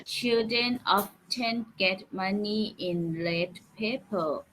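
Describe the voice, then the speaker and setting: Slow, careful woman English learner. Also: mid-range voice, fairly bright tone, a little hiss or hum, low-quality recording. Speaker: adult English student. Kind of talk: reading aloud and repeating.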